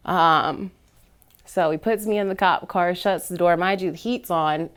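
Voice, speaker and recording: A woman, a panel guest, telling a painful personal story in earnest, rising from quiet to heated. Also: lowish voice, moderate pace, smooth.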